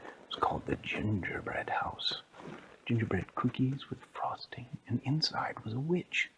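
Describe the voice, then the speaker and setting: A man improvising a fairy tale in a soft, hushed, whispered storytelling style. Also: mid-range voice, very animated, measured pace. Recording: clear background hiss.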